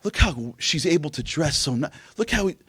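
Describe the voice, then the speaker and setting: A man giving a religious motivational talk, telling stories in an animated way and acting out voices. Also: fairly high pitch, a little fast, husky, no echo. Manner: animated storytelling, acts out voices. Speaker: speaker.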